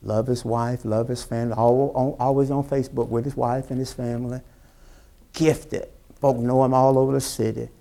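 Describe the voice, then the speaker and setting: A pastor with a gravelly voice preaches a sermon at normal speed, retelling a story with dramatic voices for its characters. He questions his congregation directly, his pitch rising high with excitement.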